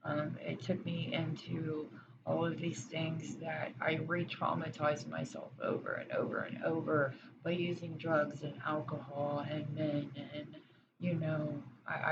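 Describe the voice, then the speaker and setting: Slow, gentle woman giving a card reading. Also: deep voice, flat delivery, vocal fry. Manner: slow, gentle and reassuring, with frequent hesitations. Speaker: oracle card reader. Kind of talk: pick-a-pile card reading. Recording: dull lo-fi sound with background noise.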